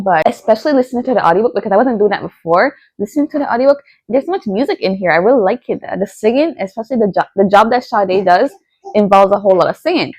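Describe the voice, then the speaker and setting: A young woman talks quickly and casually about books, her words tumbling out with plenty of "like" and "you know". Her voice sits in a middle register and is recorded dry and close, with no room sound. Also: medium pitch, a little mellow, dry recording. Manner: chatty, lots of "like" and "you know". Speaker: book vlogger.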